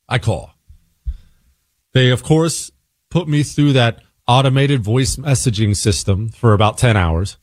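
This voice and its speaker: A man hosting a talk radio show, telling a story in a casual, self-deprecating way while a little sick and quieter than usual. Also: lowish voice, expressive, measured pace, dry recording, studio quality.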